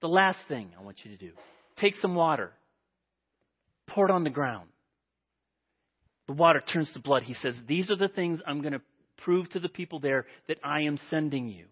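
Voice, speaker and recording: Higher-voiced husky guy preaching, acts out the voices, kinda dull lo-fi sound. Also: moderate pace. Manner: animated storytelling, acts out quoted voices. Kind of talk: sermon.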